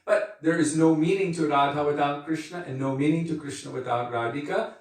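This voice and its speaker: Male spiritual teacher, measured devotional talk, repeats phrases, distant and echoey. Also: fairly high pitch. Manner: earnest, unhurried, repeats phrases for emphasis. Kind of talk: devotional lecture.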